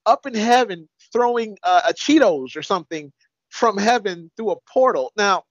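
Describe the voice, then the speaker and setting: A man's voice: high-pitched, animated, normal speed, no echo. A male co-host giving casual, incredulous commentary with some chuckling. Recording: dull, dry lo-fi audio.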